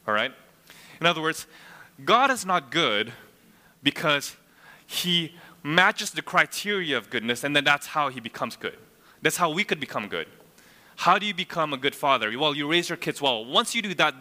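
Bright-voiced preacher in a reverberant hall. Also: male voice, a little high. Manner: expository, asks the room rhetorical questions. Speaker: pastor. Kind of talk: sermon.

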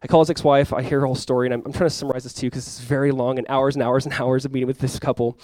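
A man's voice: mid-range voice, level tone, racing, darkish tone, no room sound, rough recording. A male pastor preaching a sermon, telling a story conversationally and now and then rising into sudden emphasis.

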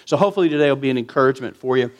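A man's voice: mid-range voice, lively intonation, rapid-fire. Earnest preacher man in his fifties. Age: 50s. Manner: earnest and conversational, with emphatic repetition. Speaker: pastor. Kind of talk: sermon.

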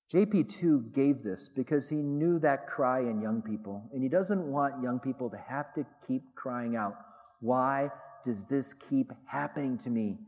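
A middle-aged man, a theologian, gives a public talk to a live audience, telling stories with animated delivery and emphatic repetition. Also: medium pitch. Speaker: theologian and speaker. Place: large hall with audience. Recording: long reverb in a large hall.

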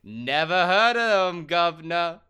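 A man voicing a brash male talent agent with a put-on cockney accent, loud and drawling. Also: high-pitched, animated, a little slow, clear, resonant tone, pitched above the performer's own voice, exaggerated voice.

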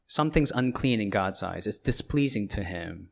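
A man's voice: medium pitch, lively intonation, fairly quick, creaky, hardly any pauses. A man, a pastor, preaching a sermon in a conversational way, often checking in with the listeners by asking "right?" and restarting his phrases.

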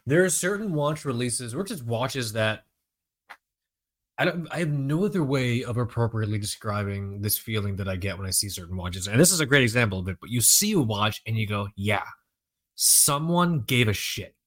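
A man's voice: medium pitch, brisk. Joking, profane man in podcast banter. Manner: animated, joking, profane, laughs easily. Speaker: podcast co-host. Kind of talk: casual chat.

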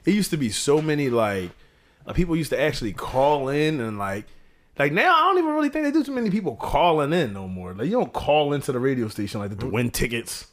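A man co-hosting a podcast in casual chat, animated, acting out callers in voices between laughs. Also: mid-range voice, quick pace. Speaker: podcast co-host.

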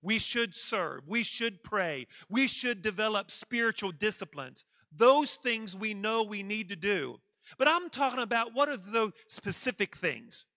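A man's voice: sits high, animated, measured pace, bright, forceful tone, no room sound, studio quality. A man preaching a sermon, with emphatic delivery that repeats key phrases and leads the congregation in call-and-response. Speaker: pastor.

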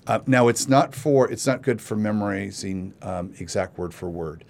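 A man's voice: fairly low pitch, normal speed, gravelly, darkish tone. A man hosting a casual interview podcast, rambling with many restarts. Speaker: podcast host.

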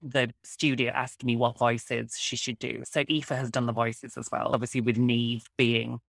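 Animated woman author, dry close sound. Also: a bass voice, gravelly, no room sound. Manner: animated, quick storytelling. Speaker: author guest. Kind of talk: enthusiastic interview chat.

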